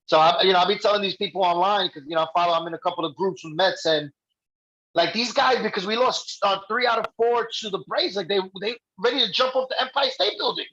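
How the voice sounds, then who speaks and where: A man chatting as a guest on a sports fan livestream, excitable and rambling. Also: high voice, fast talker, highs cut off. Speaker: guest co-host. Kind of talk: casual fan chat.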